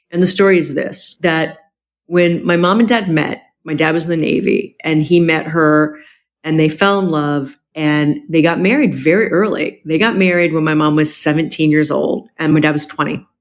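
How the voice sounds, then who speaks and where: A middle-aged woman, a podcast guest, telling a personal family story candidly, with quick asides. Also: deep voice.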